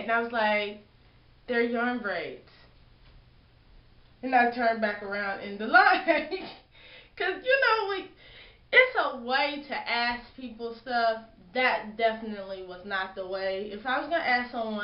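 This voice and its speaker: A woman's voice: a little high, expressive, unhurried. A young woman chatting casually in a hair vlog, telling a story and acting out what people said. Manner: chatty storytelling, acts out quotes. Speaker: hair vlogger. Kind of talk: casual chat. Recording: roomy lo-fi home video.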